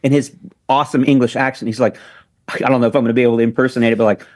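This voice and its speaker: A man's voice: mid-range voice, steady tone, rapid-fire, a little mellow. A man hosting a podcast in casual chat, laid-back and joking, swearing freely. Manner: laid-back, joking, swears, calls people "baby" and "bro". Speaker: podcast host.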